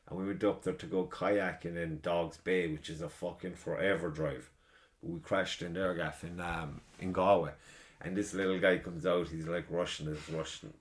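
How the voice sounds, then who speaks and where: An Irish man hosting a podcast, telling rambling, profane stories in a casual chat. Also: low voice. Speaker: podcast host.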